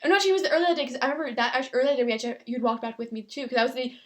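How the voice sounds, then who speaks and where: Fast-talking young woman telling a story. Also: high-pitched. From Canada. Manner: chatty storytelling, quoting others. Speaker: podcast co-host. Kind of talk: casual chat.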